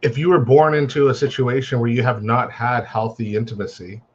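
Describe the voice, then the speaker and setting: A man's voice: mid-range voice, fairly even intonation, brisk, breathy edge, muffled recording. A man joining a casual chat, mostly offering short agreeing replies. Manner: brief agreeing interjections.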